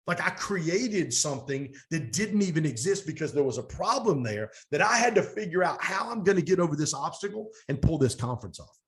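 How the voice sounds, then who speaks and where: A middle-aged man, a business coach and guest on an interview show, telling stories with energy and acting out the quoted talk of others. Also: on the high side. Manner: energetic, fast storytelling with animated quoted dialogue. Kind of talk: storytelling interview.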